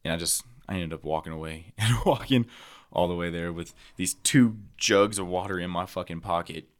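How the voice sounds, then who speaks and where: Low, blunt, swearing man. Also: normal speed. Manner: blunt and heated, heavy swearing. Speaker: podcast co-host. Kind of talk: casual chat.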